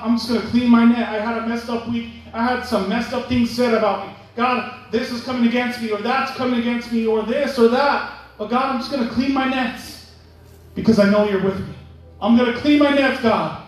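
A man preaching a sermon to his congregation, calling for amens and acting out imagined dialogue. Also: very high voice. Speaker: pastor. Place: church sanctuary. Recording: echoey church hall from far off.

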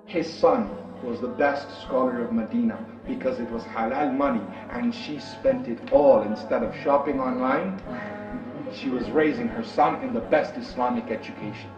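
A man's voice: mid-range voice, echoey room. A male preacher tells a story in short, punchy, dramatic sentences. His voice sounds distant and muffled, with music playing under it. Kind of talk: storytelling sermon.

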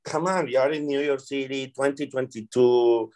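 A man's voice: medium pitch, fairly even intonation, moderate pace, a little mellow. A man from Colombia with a Colombian Spanish accent, a restaurant server answering interview questions earnestly and acting out exchanges with guests.

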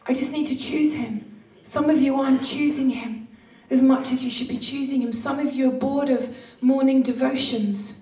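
Woman preacher, passionate, playful, slightly high voice, echoey church hall. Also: steady tone, moderate pace. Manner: passionate, playful, with laughs and sudden hushed asides. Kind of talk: sermon. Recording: roomy church hall, distant mic.

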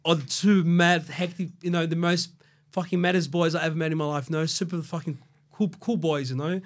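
As a guest in a casual storytelling interview, a man originally from Brazil but raised in Australia recounts his story with an Australian accent. He meanders, curses often, and fills gaps with fillers, speaking briskly in a fairly high, steady-toned voice.

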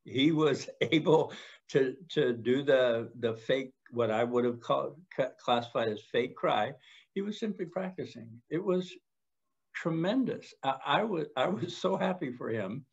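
Older guy, husky voice, halting calm storytelling, kinda dull lo-fi sound. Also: medium pitch. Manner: halting, calm, with many restarts. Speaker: podcast co-host. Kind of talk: conversational storytelling.

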